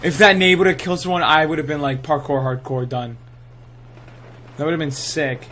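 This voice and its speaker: A man's voice: on the high side, fairly quick, slight background noise. Hyped young man in game commentary. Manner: excitable trash-talking gamer slang. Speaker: gaming channel host. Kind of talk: live gameplay commentary.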